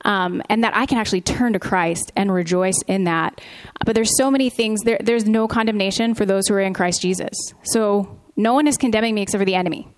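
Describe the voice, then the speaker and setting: Woman co-host, earnest faith testimony, halting and sincere, mid-pitched. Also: slight background noise. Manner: earnest, with frequent ums and restarts. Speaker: podcast co-host. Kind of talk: candid Christian testimony.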